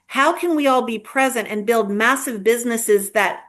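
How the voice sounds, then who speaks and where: Earnest higher-voiced woman guest. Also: normal speed, fairly bright tone. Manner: earnest, storytelling with repeated starts. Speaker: guest, real estate agent leader. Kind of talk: conversational interview.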